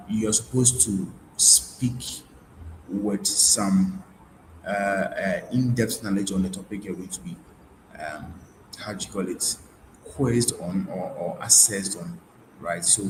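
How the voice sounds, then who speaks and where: A man with a fairly low voice gives a webinar lesson. He restates each point and often stops to restart with fillers. The room sounds roomy, with a faint hiss behind him. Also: takes it slowly. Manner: repeats key points, frequent fillers and restarts. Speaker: IELTS tutor. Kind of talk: webinar lecture.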